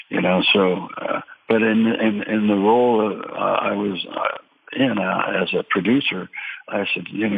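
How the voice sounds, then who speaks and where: An older man, a drummer and producer, telling stories in an interview with many halting restarts and fillers. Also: on the low side, vocal fry, husky. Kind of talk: storytelling interview. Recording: tinny phone-like line.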